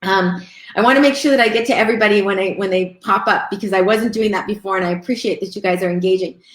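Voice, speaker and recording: A woman's voice: mid-range voice, quick pace, reverberant. A woman giving a live webinar talk, upbeat, thanking viewers and reading out their chat comments. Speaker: webinar presenter.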